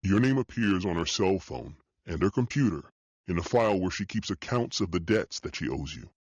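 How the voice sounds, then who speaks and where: Guy doing a tough blunt fbi agent, lowish voice, dull dry audio. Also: lively intonation, moderate pace, a little mellow, no echo. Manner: blunt, commanding.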